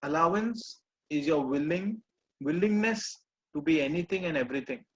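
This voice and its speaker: A man coaching a live group, gently repeating reassuring phrases. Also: a little high, lively intonation, moderate pace, rough recording. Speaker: personal growth coach.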